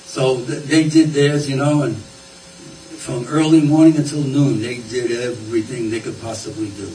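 A man's voice: mid-range voice, steady tone, unhurried, mellow, slight background noise. A man preaching a sermon in a folksy, conversational way, often repeating his words. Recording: roomy, distant, faint ambience.

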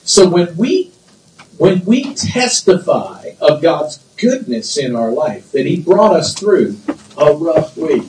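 A man's voice: fairly high pitch, sing-song, slow, a little mellow, a little hiss or hum. A man preaching a sermon as pastor, emphatic, repeating phrases and drawing responses from the congregation. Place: church sanctuary. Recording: roomy church echo, distant mic.

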